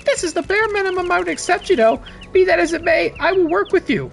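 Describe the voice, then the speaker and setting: A pompous high-pitched diva chick. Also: female voice, lively intonation, quick pace, vocal fry, soft background music, heavily acted. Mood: haughty. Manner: pompous, putting on airs, theatrical. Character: haughty diva bird mascot, small female chick. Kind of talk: let's play dialogue read-aloud.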